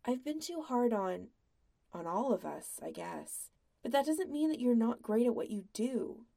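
A woman voicing a gentle young man who reassures his bandmate, soft-spoken and low, in a read-aloud story. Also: animated, measured pace, gravelly, full character voice. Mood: tender.

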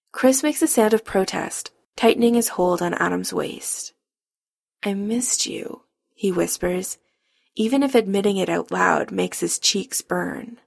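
Reading a scripted romance story, this audiobook narrator is a woman with a gravelly voice of medium pitch. The sound is dry and studio-clean.

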